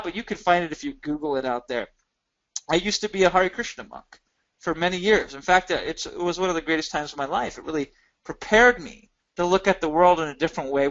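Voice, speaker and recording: A man giving an energetic sales pitch in a webinar, with emphatic rises in pitch. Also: muffled recording. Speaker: webinar presenter.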